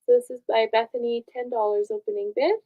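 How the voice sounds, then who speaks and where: A woman hosting a live art auction, presenting each piece and its opening bid in a brisk, casual way. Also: a little high, level tone, phone-quality sound. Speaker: auction host.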